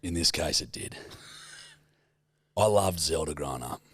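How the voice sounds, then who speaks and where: A man in his thirties with an Australian accent, co-hosting a podcast and telling stories in a loose, animated way with plenty of swearing. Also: very deep voice, a little slow, husky, no room sound. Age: 30s. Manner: swears freely, animated storyteller. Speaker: podcast co-host. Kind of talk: casual storytelling chat.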